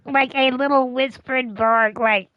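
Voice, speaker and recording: A woman streamer chatting casually, telling a rambling, profane, animated story. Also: sits high, unhurried, clear, resonant tone, no room sound, muffled recording. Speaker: game streamer. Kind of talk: casual chat.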